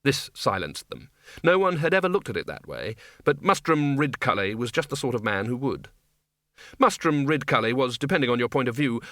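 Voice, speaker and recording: A man's voice: medium pitch, fairly bright tone, no echo. A man narrating a comic fantasy audiobook in a dry, wry storytelling manner on a close studio mic. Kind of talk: scripted narration.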